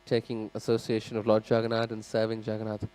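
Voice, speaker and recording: A man's voice: lowish voice, quick pace. A man giving a scripture class in a temple hall, telling a story animatedly and speaking directly to his audience. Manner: animated, acts out the characters. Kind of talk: sermon storytelling.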